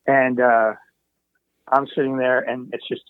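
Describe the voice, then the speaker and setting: A man's voice: medium pitch, little pitch movement, unhurried, smooth, no echo. Man telling studio stories over a tinny line. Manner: meandering, full of asides and trailing restarts. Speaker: guest, recording engineer. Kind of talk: casual anecdotal storytelling. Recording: tinny phone-like call line.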